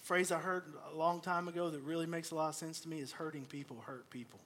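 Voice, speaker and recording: A middle-aged pastor delivers a sermon in a voice pitched higher than most men's. He tells stories in an animated way, acting out the lines of the people in them. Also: fast talker, slight background noise. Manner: storytelling, animated, acts out quoted voices.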